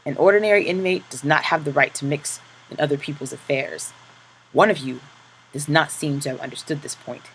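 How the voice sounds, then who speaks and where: A man reading a memoir aloud and voicing a cruel male camp work boss, whose slow, cold threats give way to loud barked orders and counts. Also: on the high side, slight background noise, poor audio. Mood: cold menace.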